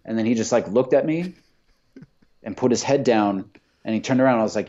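A man's voice: medium pitch, a little fast, pauses often, warm tone. A man telling profane, heated stories in casual chat. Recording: dull lo-fi sound.

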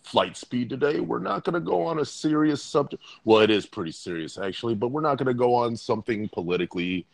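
A man's voice: medium pitch, expressive, fast talker, gravelly, few pauses, dry recording. A man co-hosting a podcast in a jokey casual rant, playful and often repeating words as he searches for them. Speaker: podcast co-host.

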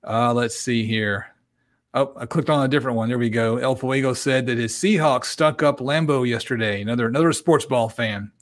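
A man's voice: medium pitch, normal speed. Chatty man hosting a live podcast. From American South. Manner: chatty, self-deprecating, reads out viewer comments. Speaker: podcast host. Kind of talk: casual live-stream chat.

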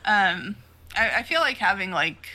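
A woman's voice: mid-range voice, lively intonation, measured pace, bright, forceful tone. A woman co-hosting a podcast, casually recapping a manga, laughing often and acting out characters' lines. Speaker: podcast co-host.

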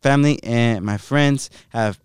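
A man's voice: mid-range voice, a little slow, clean tone, dry recording, studio quality. A teenage boy, the club's vice president, chatting casually and rambling with many restarts. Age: teens. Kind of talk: casual chat.

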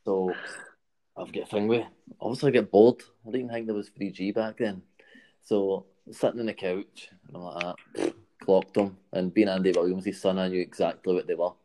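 A man's voice: low-pitched, fairly even intonation, normal speed, warm tone. A Scottish man telling a long, rambling anecdote in casual chat, checking in with "right?" and laughing as he goes.

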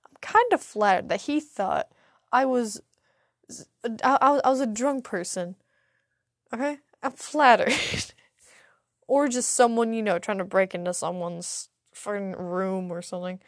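Casual young woman podcaster rambling and cussing, lots of stutters, mid pitch, dead dry room. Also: measured pace, no echo. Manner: rambling and profane, stuttering restarts. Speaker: podcast host. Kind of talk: casual solo storytelling.

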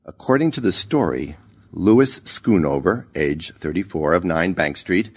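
A man narrating a short story in a measured, expressive reading. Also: low voice.

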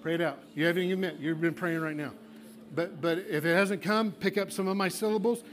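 A man's voice: high voice, steady tone, fairly quick, fairly bright tone. A man, a pastor, leading an altar call and fervent prayer in a coaxing, repetitive way. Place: church sanctuary.

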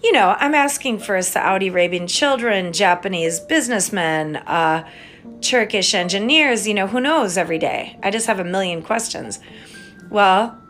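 A woman's voice: mid-range voice, expressive, moderate pace, a bit bright, faint music behind. An American woman hosting a podcast, rambling in a casual monologue, spelling words out, swearing and trailing off mid-thought. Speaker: podcast host.

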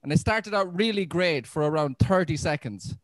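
An Irish man works through a stand-up set, mocking himself and restarting lines as he goes. His voice sits fairly high. The sound is dry and close. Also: animated, moderate pace, no room sound. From Ireland. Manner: self-deprecating, with loose restarts. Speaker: stand-up comedian.

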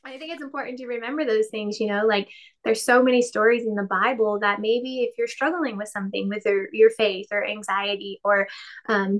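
A woman in her thirties co-hosting a casual faith podcast, chatty, laughing often and acting out quotes. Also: medium pitch. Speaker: podcast co-host.

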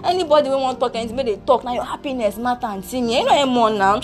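A woman's voice: on the high side, music in the background, lightly acted. A woman with a Nigerian Pidgin accent voicing a blunt, teasing younger sister who consoles her sibling in a homemade audio drama. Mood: scolding teasing. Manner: brisk, teasing, mixes Pidgin and Yoruba.

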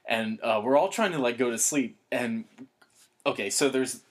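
A man's voice: medium pitch, moderate pace. A young man telling rambling, profane stories in casual chat, full of fillers and restarts.

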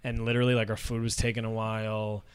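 A man's voice: fairly low pitch, fast. A man guest on a podcast, telling stories in a casual chat and laughing at himself. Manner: animated storyteller, laughs at himself.

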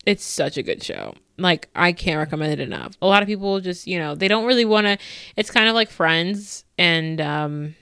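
A woman's voice: on the low side, expressive, moderate pace, creaky, a bit bright, smooth, no room sound, clean studio sound. A young woman in her twenties hosting a casual solo podcast, gushing and laughing often as she fangirls. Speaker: podcast host.

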